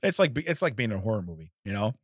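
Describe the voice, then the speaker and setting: A man's voice: lowish voice, sing-song, rapid-fire, breathy edge, no echo, clean studio sound. A man co-hosting a casual comedy podcast, laughing often and acting out silly voices. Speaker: podcast co-host. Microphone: studio mic.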